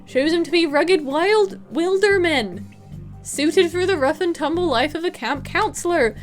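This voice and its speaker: A woman's voice: very high-pitched, measured pace, soft background music, pitched above the performer's own voice. A woman voicing a fawning male costume shopkeeper in a put-on Southern American drawl, obsequious and sly in a video game. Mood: smarmy salesman. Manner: drawling, obsequious, keeps saying sir.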